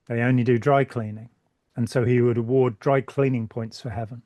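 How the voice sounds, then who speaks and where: A man's voice: medium pitch, fairly even intonation, brisk, warm tone, dry recording. A British man hosting a casual chat, his voice tiring, joking and rambling as he stumbles over repeated words. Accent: British English. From Britain. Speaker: channel host. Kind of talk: casual conversation.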